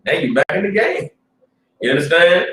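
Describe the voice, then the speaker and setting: A man's voice: expressive, normal speed, far from the mic, a little hiss or hum. Streetwise man preaching in a roomy hall. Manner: streetwise, repeats "you understand?", swings from low mutter to loud bursts. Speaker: religious class teacher. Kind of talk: informal preaching to a class. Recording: roomy sound, speaker away from the mic.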